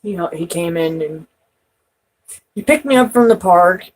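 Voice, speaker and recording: A woman vlogging in a rambling, profane monologue, swinging from loud outbursts to trailing off. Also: fairly low pitch, lively intonation, a little slow, poor audio. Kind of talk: rambling personal talk to camera.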